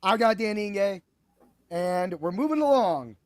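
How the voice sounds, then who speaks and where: A man hosting a podcast, talking excitably about fights in a rambling way that keeps correcting itself. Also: high-pitched, a little slow. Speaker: podcast host. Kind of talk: animated sports betting chat.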